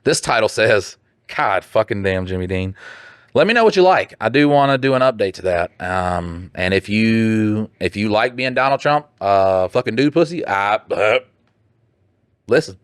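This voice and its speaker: A man's voice: fairly low pitch, lively intonation, normal speed, clean tone, no echo, studio quality. Blunt, profane man on a podcast. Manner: blunt, profane, mocking put-on voices. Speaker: podcast co-host. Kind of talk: crude casual chat, reading listener letters.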